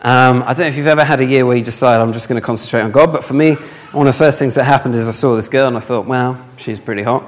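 A man's voice: mid-range voice, fairly even intonation, racing, slight background noise. Man telling a funny story in a hall. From north of England. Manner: humorous, self-mocking, acts out dialogue. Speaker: speaker. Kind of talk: storytelling sermon. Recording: long hall reverb.

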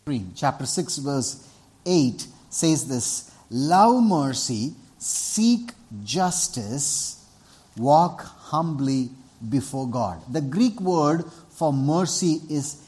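Indian-accented male pastor, husky and a bit high, earnest sermon that calls for responses from the church. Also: expressive, drawn-out words, a little mellow. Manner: earnest, repeats himself, asks the congregation for responses.

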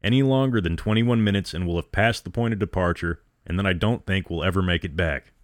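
A man voicing a blunt, loud spaceship captain who speaks coarsely. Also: low voice, a little fast, no echo, clean studio sound, close to an everyday voice. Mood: roaring. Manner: roaring, coarse.

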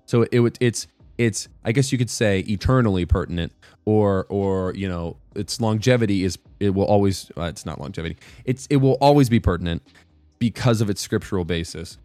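A man's voice: lowish voice, fairly quick, dark tone, no echo, soft background music. A man giving a casual devotional talk, rambling and correcting himself, often checking in with "right?". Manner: rambling, self-correcting, keeps asking "right?". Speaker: worship music commentator.

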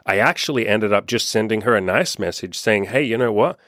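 A man's voice: on the low side, a little fast, a bit bright, no room sound, studio quality. A young man coaching on dating, talking candidly and casually, acting out quoted texts and swearing freely. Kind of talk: casual monologue to camera.

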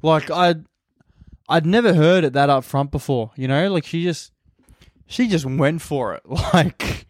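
A man's voice: a little high, a little slow, no room sound, studio quality. A man with an Australian accent, a stand-up comedian rambling crudely through a casual solo podcast. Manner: crude, rambling, heavy swearing.

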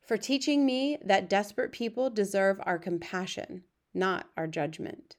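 A woman reading the lines of a kindly old male monk, speaking gently. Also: medium pitch, fairly even intonation, measured pace, natural voice. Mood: gentle. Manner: gentle, cooing with babies.

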